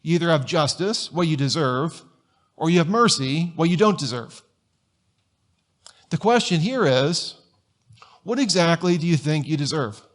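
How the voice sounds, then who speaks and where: In a church sanctuary, a male pastor with a fairly high voice delivers a conversational sermon, telling stories and firing off rhetorical questions.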